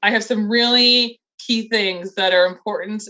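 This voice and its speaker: A woman's voice: mid-range voice, fairly even intonation, normal speed, pushed and bright. Cheery woman coaching a group over a video call, keeps saying like, muffled lo-fi sound. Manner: enthusiastic, encouraging, chatty with frequent "like". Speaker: college recruitment trainer. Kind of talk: upbeat training presentation.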